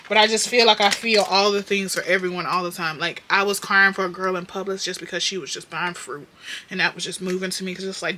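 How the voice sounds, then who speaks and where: A young woman doing her makeup while chatting to her viewers, candid and profane, slipping from muttered whispers into loud bursts. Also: mid-range voice, background noise. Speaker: beauty vlogger.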